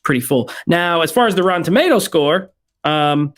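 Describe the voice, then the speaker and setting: A man's voice: a little high, animated, moderate pace. A young man hosting a movie review podcast, chatty and opinionated, often laughing into his words. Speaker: podcast host. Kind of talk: casual movie review chat.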